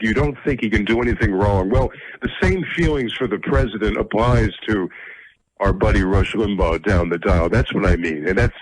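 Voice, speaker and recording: A man's voice: fairly low pitch, no echo, rough recording. A middle-aged man hosting a radio talk show, speaking bluntly and combatively, with a self-deprecating edge.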